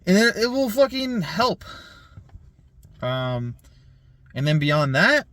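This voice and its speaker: A man in his thirties rambling in a casual vlog monologue, laughing often, swearing and filling pauses with "like" and "um". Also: sits high, big pitch swings, a bit bright. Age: 30s. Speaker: vlogger.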